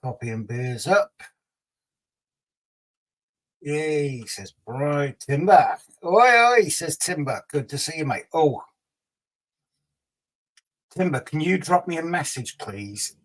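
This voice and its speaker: A man's voice: on the high side, animated, slow pace, long pauses, low-quality recording. A man hosting a casual livestream, reading out viewer comments and teasing them in a chatty way. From Scotland. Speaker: livestream host.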